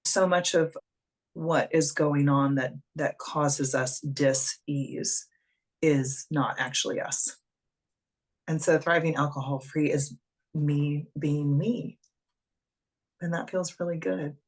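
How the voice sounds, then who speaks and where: A woman coach as a podcast guest, speaking in a thoughtful, deliberate way. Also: deep voice, steady tone. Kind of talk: reflective casual chat.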